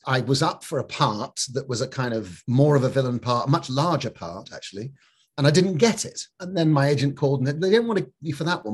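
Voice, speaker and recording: Middle-aged scottish guy, light accent, husky voice, rambly chat w lots of laughs. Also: medium pitch. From Scotland. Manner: rambling, self-interrupting, laughs often. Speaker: actor guest. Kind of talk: casual interview chat.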